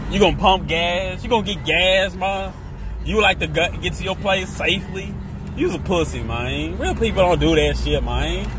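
A man's voice: a little high, noisy background. A man driving home from work, trash-talking passersby in profane, joking commentary from inside his vehicle. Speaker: vlogger. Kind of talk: casual comedic commentary while driving.

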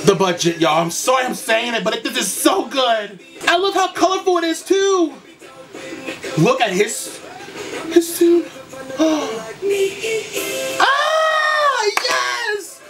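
Young man, high voice, campy, gushing, swears a lot, reaction commentary, loud pop music behind. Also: lively intonation, normal speed, far from the mic. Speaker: YouTube reactor. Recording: music video playing loudly behind.

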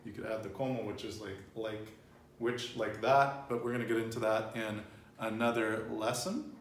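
A man's voice: fairly low pitch, steady tone, normal speed. A man teaching a casual Spanish lesson, patiently prompting his learner and repeating her answers. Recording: roomy, distant mic with faint noise.

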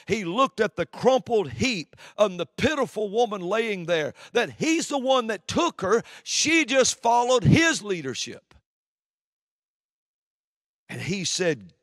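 A man preaching a sermon from the pulpit, swinging between loud declarations and hushed, low passages. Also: big pitch swings, measured pace, dry recording, studio quality.

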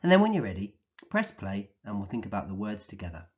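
Lively low-voiced man teaching young children. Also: dull audio. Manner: slow, clear, encouraging, acts out the words he defines. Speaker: early years teacher. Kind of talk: recorded vocabulary lesson for young children.

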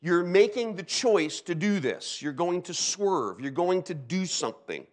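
A man's voice: high voice, sing-song, measured pace. A middle-aged man from Delaware preaching a sermon as a pastor, telling stories with sound effects and frequent "okay?" asides. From Delaware, USA.

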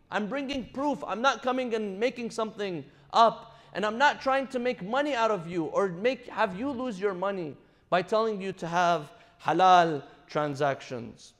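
High-voiced man telling a sermon story. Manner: storytelling with recited verses. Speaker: imam. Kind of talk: Ramadan night sermon. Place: mosque or Islamic center.

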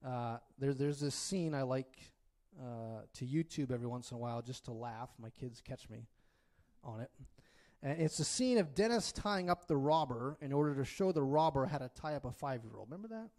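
This man's voice is mid-range with a darkish tone, and he preaches at a moderate pace in an animated manner. Speaking in a church, he keeps the sermon conversational and expressive, often checking in with those listening.

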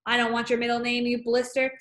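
Brief: bullying female headmistress, bellowing and sneering, fairly high voice; a woman reads her. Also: monotone, fairly quick, a bit bright, reverberant, natural voice. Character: huge bullying female headmistress, harsh and scornful. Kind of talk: audiobook reading.

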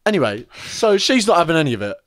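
Young lad telling a story. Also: male voice, a little high, quick pace. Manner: animated, laughing, slangy, acts out voices. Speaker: podcast co-host. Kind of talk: casual storytelling chat.

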